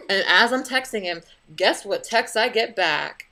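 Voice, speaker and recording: A woman's voice: mid-range voice, lively intonation, a little slow, few pauses, pushed and bright. A young adult woman venting to camera in a casual vlog, blunt and profane as she tells her story. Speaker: vlogger.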